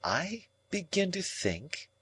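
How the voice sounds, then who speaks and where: A cold, proud young woman, as a male narrator voices her in an audiobook. She lifts her voice only slightly and reasons in slow, measured, cutting sentences. The sound is close and dry. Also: high-pitched, very animated, a bit bright, slightly rough, no room sound, pitched above the performer's own voice, heavily acted. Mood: musing.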